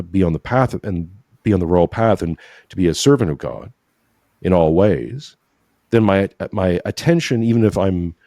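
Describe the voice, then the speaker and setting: Deep-voiced man talking earnestly about faith. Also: mellow, no room sound, studio quality. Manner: earnest, preachy, repeats "right?" often; emotional at times. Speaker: podcast guest. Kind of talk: conversational religious discussion.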